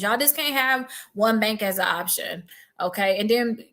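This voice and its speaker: A woman's voice: on the high side, moderate pace, bright, forceful tone. A woman giving casual credit advice to her viewers, blunt and emphatic, calling them y'all. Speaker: credit repair advisor.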